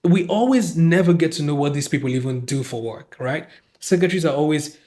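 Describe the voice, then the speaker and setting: This is a Nigerian man with a slightly raised voice, hosting a casual podcast film review. He sounds exasperated and animated, and he breaks into acted snatches of dialogue to mock what he saw. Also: a little high, a little fast, hardly any pauses. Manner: animated, exasperated, acts out quoted lines.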